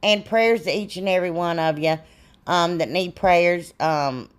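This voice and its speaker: A woman's voice: on the low side, measured pace, clean tone. A middle-aged woman, rambling and self-deprecating as she explains a craft in a casual tutorial. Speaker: DIY crafts channel host.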